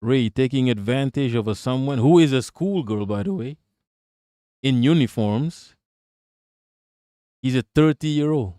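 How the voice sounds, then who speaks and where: A man's voice: mid-range voice, measured pace, pauses often, warm tone, clear, resonant tone, no room sound, clean studio sound. A man hosting a live stream, reacting to news and chatting with viewers in a profane, sarcastic way. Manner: profane, sarcastic, talks to chat. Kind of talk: casual live-stream commentary.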